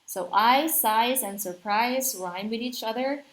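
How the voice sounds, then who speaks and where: A woman's voice: a little high, takes it slowly, low-quality recording. A woman teaching literature in a patient, explanatory lecture, checking in with her listeners and tapping out rhythms aloud.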